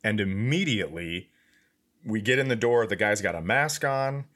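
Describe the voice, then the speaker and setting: Middle-aged male host, lowish voice, loose storytelling chat, animated quotes. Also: moderate pace. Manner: lively storyteller, acts out quotes in a raised voice. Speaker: podcast host.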